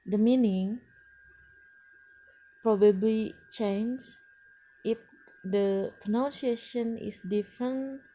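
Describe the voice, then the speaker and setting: A woman, not a native English speaker, lecturing on English pronunciation with frequent pauses and restarts. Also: mid-range voice, dark tone. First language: Indonesian. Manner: slow and hesitant, frequent uh fillers and restarts. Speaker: English teacher. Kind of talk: lecture presentation.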